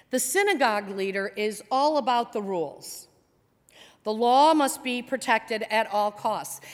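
A woman pastor preaching a sermon, retelling a story with dramatic pauses in a church sanctuary. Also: fairly high pitch. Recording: long church reverb.

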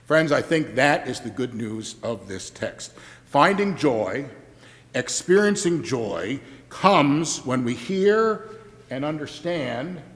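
A man's voice: medium pitch, big pitch swings, takes it slowly. Pastor guy giving a sermon, chatty and jokey, keeps asking "right?", long echo like a big church. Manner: conversational, keeps asking the congregation "right?", joking asides. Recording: long hall reverb.

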